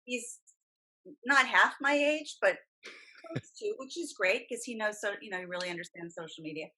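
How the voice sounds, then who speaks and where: A woman's voice: a little high, normal speed, slight background noise, low-quality recording. A middle-aged woman, a guest voice actress and coach, talking animatedly and emphatically in a casual podcast chat. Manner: animated, emphatic, talks at length.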